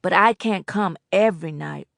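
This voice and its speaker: A woman reading an audiobook, voicing a determined teenage girl who speaks earnestly and firmly, with a gravelly edge. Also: lowish voice, normal speed, fairly bright tone, no echo, studio quality.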